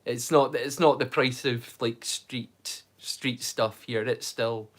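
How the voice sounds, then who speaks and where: Hosting a livestream, a Scottish man in his thirties chats in a rambling fashion, repeating the first words of sentences. He has a medium pitch, a steady, fairly bright tone, and a slow pace.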